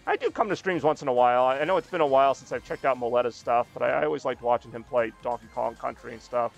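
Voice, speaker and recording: A man's voice: mid-range voice, fast, gravelly, lo-fi sound, soft background music. Self-mocking male game streamer. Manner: self-deprecating, joking, rambling. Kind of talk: casual live-stream chat while playing.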